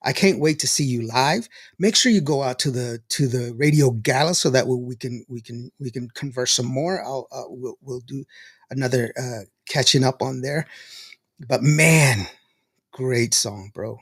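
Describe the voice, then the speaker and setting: A man's voice: medium pitch, moderate pace, breathy edge, no echo, clean studio sound. A male show host in casual on-air chat who laughs often, reads out listener greetings and tells stories.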